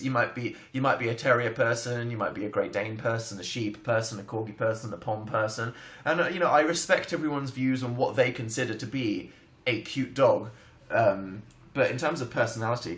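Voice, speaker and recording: A young Englishman hosting a livestream from home, telling stories in an animated, self-mocking and dramatic way. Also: medium pitch. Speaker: livestream host. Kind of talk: casual storytelling chat. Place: home, indoors.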